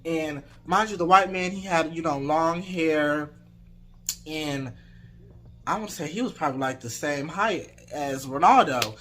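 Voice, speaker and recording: Mężczyzna opowiada anegdotę na vlogu, luźno, z dużą ilością slangu i przekleństw, z zapałem. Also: male voice, fairly high pitch, a little slow, slight background noise. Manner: animated, laid-back slang and swearing. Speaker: storytime vlogger. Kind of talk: casual storytelling.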